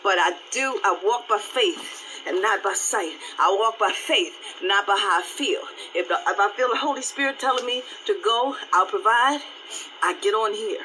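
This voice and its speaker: Woman pastor, live devotional talk, bright voice, faint noise behind, repeats herself. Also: medium pitch, moderate pace, low-quality recording. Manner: animated, repetitive, laughs often.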